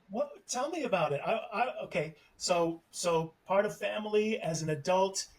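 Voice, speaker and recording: A man's voice: high voice, animated, moderate pace, poor audio. A man hosting a podcast, asking a guest curious questions and reacting with laughs. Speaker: podcast host. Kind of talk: interview questions.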